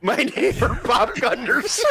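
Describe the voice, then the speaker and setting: A woman's voice: mid-range voice, fairly bright tone, breathy edge, dry recording. A woman chatting casually with friends on a podcast, laughing breathlessly as she reads game cards. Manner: laughs hard and breathlessly while reading. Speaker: podcast co-host and card game player. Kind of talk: casual chat among friends.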